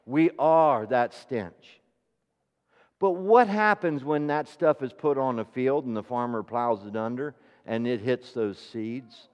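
A man preaching a sermon, asking the congregation rhetorical questions and swinging between hushed, near-whispered passages and loud, ringing declarations. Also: takes it slowly, clear, resonant tone. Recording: reverberant hall, dull low-fidelity sound.

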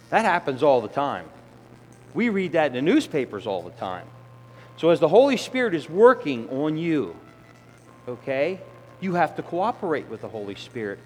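A middle-aged man preaching a conversational sermon who acts out the voices of sinners and children. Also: a little high. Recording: long hall reverb, faint ambience.

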